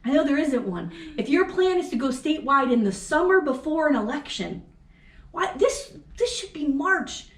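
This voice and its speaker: A woman's voice: high voice, big pitch swings, moderate pace. A woman co-hosting a podcast, venting furiously about politics in a profane rant, with lots of rhetorical questions. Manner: angry, profane ranting. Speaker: podcast co-host. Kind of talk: heated political chat. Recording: echoey room.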